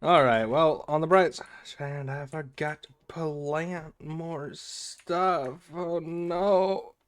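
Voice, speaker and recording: A man's voice: on the high side, fairly even intonation, drawn-out words, clear, resonant tone. A young man doing let's play commentary, joking goofily and reading game text aloud. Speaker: gaming video creator.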